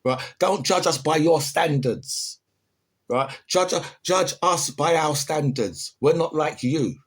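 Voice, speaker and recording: A man's voice: a little high, slow, slightly rough. A man from the UK with a British accent, delivering an impassioned opinion monologue and often asking "right?" to his listeners. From United Kingdom.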